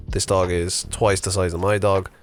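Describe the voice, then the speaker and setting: A man's voice: sits low, flat delivery, moderate pace, soft background music. A man in his thirties casually narrating an unscripted vlog while walking his dog outdoors, chatty and rambling with fillers. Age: 30s. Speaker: vlogger. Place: outdoors on a morning walk.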